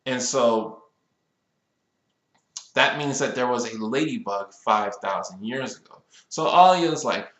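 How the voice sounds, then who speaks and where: A man in his twenties reviewing a cartoon episode in a casual rant, complaining in an exasperated, animated way that builds into outbursts. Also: medium pitch, a little slow, roomy sound, low-quality recording. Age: 20s.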